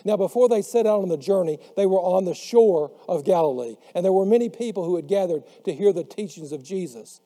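A man preaching a sermon who slows down and drops his voice on the words he wants to stress. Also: high-pitched, expressive, warm tone. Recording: long hall reverb.

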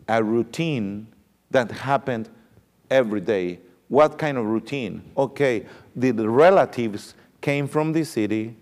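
A man preaching a sermon, retelling a story with animated, repetitive emphasis. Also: mid-range voice. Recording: long reverb of a hall.

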